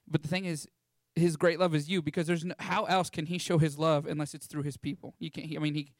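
A young man tells a story to an audience in an animated, playful way, switching into the voices of the people he describes. His voice sits slightly high for a man. The sound is dry and close, with little room reflection. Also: fast, no room sound. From Texas. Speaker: ministry school student sharing a testimony.

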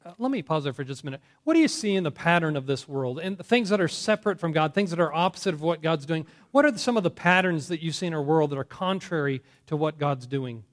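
A man's voice: a little high, lively intonation, fast talker, hardly any pauses. A man preaching a conversational sermon, often correcting himself and putting questions to the congregation. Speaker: pastor.

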